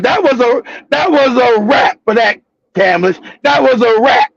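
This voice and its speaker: A man tells a profane, animated story on a live talk show, laughing and shouting now and then. His voice is very high, gravelly and husky. The sound is dry and dull, like a lo-fi stream. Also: measured pace, background noise. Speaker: show host.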